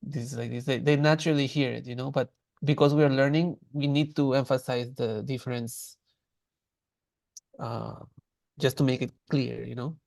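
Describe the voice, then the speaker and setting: Male teacher, gravelly voice, dry close sound, casual lecture with frequent self-corrections. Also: medium pitch, fairly even intonation, moderate pace, a little mellow, dry recording. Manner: casual, many restarts, demonstrates sounds. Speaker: language teacher. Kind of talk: online class lecture.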